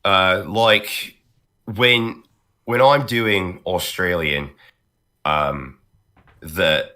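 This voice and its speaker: A man's voice: sits low, very slow, sharp tone. A man who is a voice actor, chatting casually on a podcast, laughing often and using many fillers and restarts. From northern United States. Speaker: voice actor guest.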